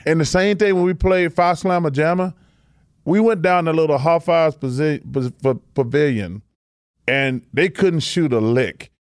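Excited higher-voiced man, dry studio. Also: moderate pace, smooth, no room sound. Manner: excited, emphatic storyteller. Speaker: co-host, former basketball player. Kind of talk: casual chat.

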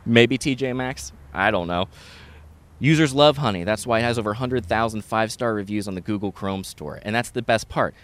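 A man co-hosting a podcast, reading a sponsor ad in a deadpan, rambling way full of fillers and jokes. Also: lowish voice, a little fast. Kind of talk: jokey improvised ad read and casual chat.

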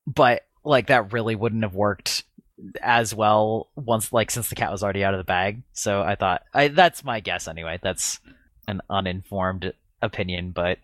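A man's voice: fairly low pitch, normal speed, a bit bright, no room sound. A man chatting casually as a podcast guest, rambling with many fillers. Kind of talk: casual chat.

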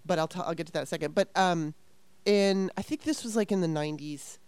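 A woman's voice: fairly low pitch, fast, darkish tone, smooth, no room sound. A woman in her fifties telling a story casually, rambling and swearing with exasperation.

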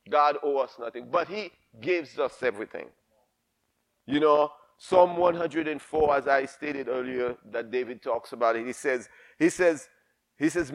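Middle-aged male pastor, higher-pitched, fervent call-and-response sermon delivery. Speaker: preacher.

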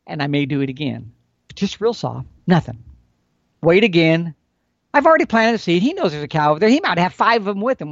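A man's voice: a little high, no echo. A middle-aged man, an expert guest, explaining hunting techniques in a folksy, demonstrative way. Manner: animated, folksy, demonstrating with expressive swings. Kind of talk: casual instructional explanation. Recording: dull, dry recording.

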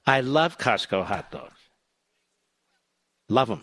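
Bright-voiced combative radio talk host. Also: male voice, mid-range voice, lively intonation, normal speed, long pauses, dry recording. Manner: combative, rising to loud outrage; joking, self-mocking banter.

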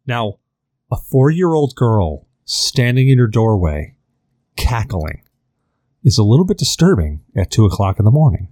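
A man's voice: medium pitch, darkish tone, dry recording. A man in his thirties spins a long story in casual podcast chat. He is rambling and profane, with lots of fillers, and his voice sits in a middle range. The sound is dry and close. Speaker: podcast host.

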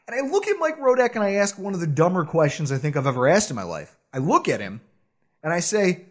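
A man co-hosting a podcast, telling a self-deprecating story in a casual, animated way with frequent laughs. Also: high voice, a little fast, breathy edge. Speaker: podcast co-host.

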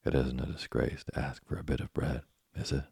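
A man's voice: very deep voice, level tone, fairly quick, darkish tone, no echo, studio quality, heavily acted. A man voicing a hungry, spoiled wooden boy puppet in a storybook reading, whimpering and petulant. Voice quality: gravelly, husky.

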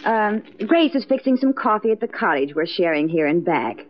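Actress voicing a jealous high-strung young woman, sharp-tongued, very lively pitch, 1940s radio drama, dull broadcast audio. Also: normal speed, a little hiss or hum, natural voice.

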